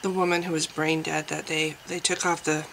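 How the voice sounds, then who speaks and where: A woman's voice: low voice, little pitch movement, moderate pace, gravelly, a bit bright, a little hiss or hum, low-quality recording. A woman vlogger giving casual spoken commentary, thinking aloud with frequent restarts and hesitations.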